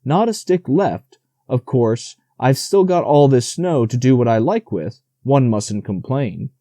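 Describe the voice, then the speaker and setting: A man's voice: mid-range voice, lively intonation, dark tone, no room sound, clean studio sound. A man doing a gloomy old donkey. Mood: resigned. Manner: slow, self-pitying complaints. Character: gloomy old male donkey, melancholy and grumbling.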